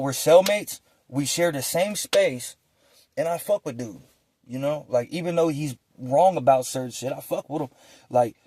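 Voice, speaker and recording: A man's voice: fairly high pitch, breathy edge, dry recording. Slangy man telling a prison story. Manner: animated street slang, acts out quoted voices.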